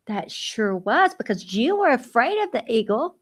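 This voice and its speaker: A woman's voice: fairly high pitch, big pitch swings, moderate pace, few pauses, husky. A woman hosting a children's radio show as a dog trainer, speaking in a soothing, coaxing way, like a teacher talking to kids.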